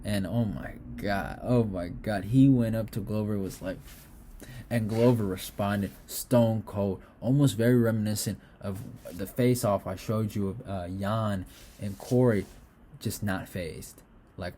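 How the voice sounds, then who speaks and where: Excitable man breaking down a fight. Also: on the low side, a little slow, a little hiss or hum. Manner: excitable, swears freely, animated asides. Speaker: fight analyst.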